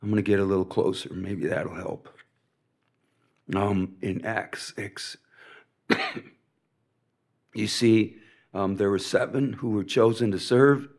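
A man giving a sermon-style lecture to a seminary class, hoarse and coughing often, speaking haltingly with many pauses and restarts. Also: on the low side, steady tone. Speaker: preacher teaching a seminary class.

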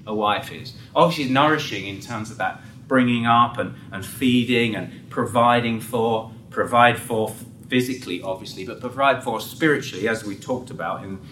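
Male pastor, low-ish voice, earnest conversational preaching with restarts; mic set back from him in a reverberant hall. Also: moderate pace, few pauses, fairly bright tone, slight background noise. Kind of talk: sermon. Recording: roomy hall, voice from a distance.

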